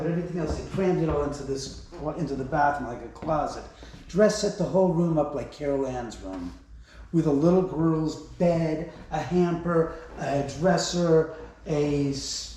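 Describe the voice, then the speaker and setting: Man with a slightly high voice, house owner telling ghost stories, loose and profane, very echoey room. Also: dark tone, slight background noise. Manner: rambling, profane, chuckling between stories. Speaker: house owner giving a haunted tour. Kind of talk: casual storytelling. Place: bedroom of a large house.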